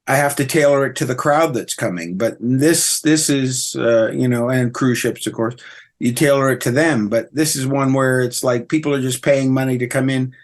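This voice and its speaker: A man's voice: medium pitch, moderate pace. Chatty self-mocking middle-aged man. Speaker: comedian guest. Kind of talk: casual interview chat.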